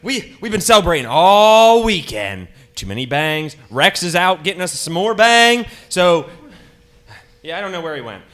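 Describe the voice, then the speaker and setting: A high, bouncy male voice with a bright, forceful edge. He is a tag team wrestler, talking in a pumped and boisterous way. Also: very animated, normal speed. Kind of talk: wrestling promo speech.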